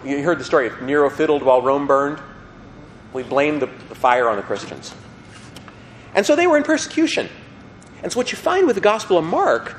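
A man's voice: fairly high pitch, slight background noise, rough recording. A man teaching a class in a conversational way, often checking in with his students. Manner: animated, conversational, asks students questions. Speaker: religion teacher. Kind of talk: classroom lecture.

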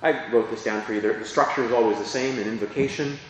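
A man's voice: mid-range voice, fast talker, heavy reverb, in a large hall, a little hiss or hum, low-quality recording. A man who is a priest, explaining parts of the Mass in a chatty teaching talk and often asking his listeners questions. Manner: chatty, asks the audience questions.

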